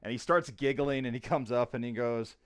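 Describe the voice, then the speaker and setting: A man's voice: mid-range voice, brisk, clean tone, no room sound, clean studio sound. A man narrating a tabletop game as game master in a casual way. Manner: casual narration, animated when scenes pick up.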